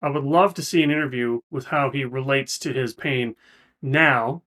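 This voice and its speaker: A man's voice: medium pitch, normal speed, a bit bright. A man hosting a reaction video, explaining ideas in a thoughtful, casual way with frequent restarts. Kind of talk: casual commentary.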